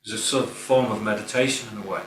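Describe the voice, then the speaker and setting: Middle-aged guy talking about the mind, earnest and rambly, bright voice, faint hum behind. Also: on the low side, very fast. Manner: informal, earnest, rambling, frequent "you know". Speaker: spiritual speaker. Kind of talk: spoken reflective talk. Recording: roomy, distant mic with faint hum.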